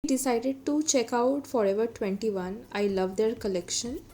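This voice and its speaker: A woman's voice: fairly high pitch, steady tone, normal speed, mellow, soft background music. A woman food vlogger with an Indian English accent, narrating in a chatty, friendly way with frequent fillers. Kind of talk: casual vlog narration.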